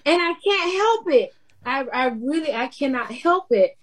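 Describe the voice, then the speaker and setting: A TV news anchor talks about herself in an interview, down to earth and quick to laugh. Her woman's voice sits fairly high. She speaks in a loose, chatty way. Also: a crowd in the background. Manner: laughs often, lively and down to earth. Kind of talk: casual interview chat.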